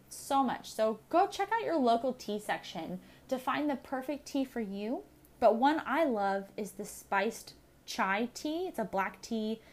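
A woman's voice: a little high, a little mellow. A young adult woman hosting her own podcast, chatting casually in a rambling, self-deprecating way. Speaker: podcast host. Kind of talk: casual solo podcast chat.

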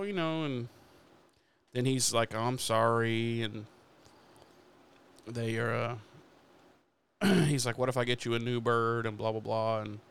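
A man casually retelling a TV episode for a podcast, swearing often and slipping into quick quoted lines. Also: mid-range voice, fairly bright tone, clean tone. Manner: swears freely while retelling episode scenes. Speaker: podcast host. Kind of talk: casual recap chat.

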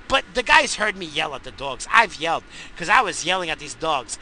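A man in a profane, angry rant who swears constantly and bursts into shouting. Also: fairly high pitch, very animated, brisk, slight background noise, rough recording.

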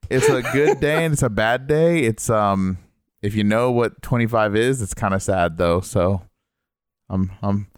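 A man co-hosting a casual podcast, rambling and halting as he talks. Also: lowish voice, clear, resonant tone, no room sound, studio quality. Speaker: podcast co-host.

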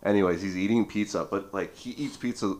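A young man in his twenties speaks in a very low voice. He talks in relaxed conversation as a podcast guest, telling stories with lots of filler words. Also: a little fast. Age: 20s. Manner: lively storyteller, heavy filler "like". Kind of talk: casual chat.

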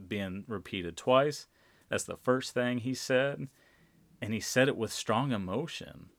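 A man delivers a sermon slowly and deliberately, using repeated phrases for emphasis and lingering over each line. His voice is slightly low and a bit bright, recorded dry and close with no sense of room.

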